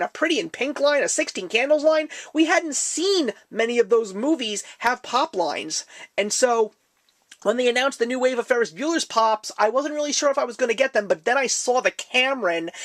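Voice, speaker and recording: A woman's voice: mid-range voice, dry recording. A woman in her thirties hosting a casual collector review vlog, talking in an enthusiastic, chatty way. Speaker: collector channel host.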